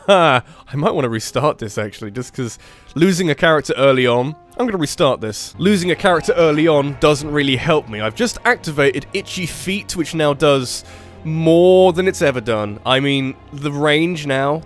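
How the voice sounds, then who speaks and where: A man with a sore throat rambling through let's play commentary, often correcting himself and breaking into excited outbursts. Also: a little high. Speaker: gaming channel host.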